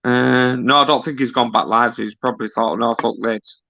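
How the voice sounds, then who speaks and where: A man's voice: medium pitch, fairly even intonation, fairly quick, gravelly, bright, forceful tone, no room sound. A man calling in to a livestream, chatting bluntly and swearing while trading football banter. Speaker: caller on a livestream. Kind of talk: casual chat. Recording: dull dry call audio.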